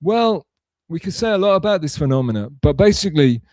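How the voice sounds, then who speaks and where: A man chats on a live stream, reading out messages and answering them at length. He talks in a rambling, sarcastic way, stumbling and restarting often. His voice is mellow and dark, heard close and dry. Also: a little high, big pitch swings, brisk, no room sound. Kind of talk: casual live-stream chat.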